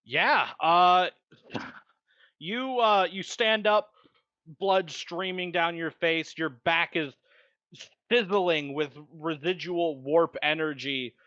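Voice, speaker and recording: A man narrates a tabletop game as game master, his voice bright and a little forceful. He lays out the combat vividly. The dull, dry recording sounds lo-fi. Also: a little high, slow pace, dry recording.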